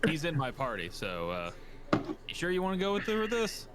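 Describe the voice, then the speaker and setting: A man's voice: a little high, huge pitch swings, brisk, very noisy. A man playing a tabletop game, answering in a dry, sarcastic way. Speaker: player. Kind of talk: casual tabletop chat.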